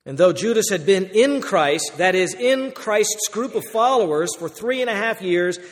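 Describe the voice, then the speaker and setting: A man's voice: sits high, in a large hall. A man preaching an earnest, explanatory sermon, stressing key words.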